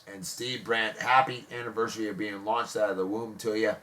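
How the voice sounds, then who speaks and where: A man hosting a casual online show, gushing jokey praise and shout-outs to friends. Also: lowish voice, level tone, fairly quick. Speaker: host of a daily beer and music show.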